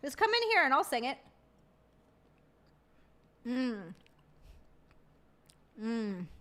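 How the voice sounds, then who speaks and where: A woman's voice: a little high, sing-song, very slow, bright, forceful tone. A woman streamer chatting casually with her viewers while eating, often giggling. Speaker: live streamer. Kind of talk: casual live-stream chat.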